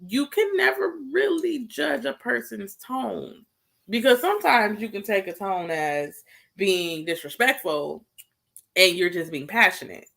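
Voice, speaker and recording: A young woman co-hosting a casual chat about marriage, candid and quick to laugh, talking straight to the viewers. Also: mid-range voice, lively intonation, vocal fry, fairly bright tone. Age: young adult. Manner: candid, laughs often, talks to viewers as y'all. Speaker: co-host.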